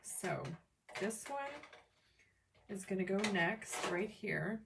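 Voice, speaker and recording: A woman hosting a live crafting demo from home, chatting with viewers by name in an excitable, chatty way. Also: mid-range voice, slow, creaky, distant mic, background noise. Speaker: crafting livestream host. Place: home craft table, camera on tripod.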